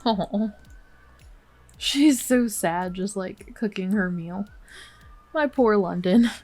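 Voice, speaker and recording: A woman's voice: medium pitch, a little mellow. A woman hosting a game let's play, commenting casually and sympathetically, with many fillers.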